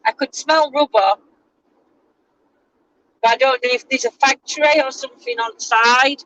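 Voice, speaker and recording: A woman's voice: high voice, steady tone, measured pace, fairly bright tone, rough recording. A woman, chatting casually and teasing herself during a road trip, recorded in a moving car. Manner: chatty, self-mocking. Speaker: vlogger. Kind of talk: casual chat. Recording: car noise in background.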